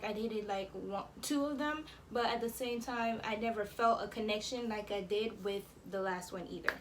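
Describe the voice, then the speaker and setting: A woman's voice: a little high, fairly bright tone, slight background noise. An eighteen-year-old woman from Jamaica, telling a story casually to camera with lots of "um" and "like". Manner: chatty, many fillers like "um" and "like". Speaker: vlogger.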